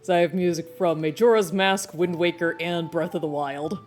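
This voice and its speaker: A woman's voice: lowish voice, steady tone, moderate pace, a little mellow. A woman chatting casually with her live-stream viewers while she draws, laughing often. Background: video game music playing.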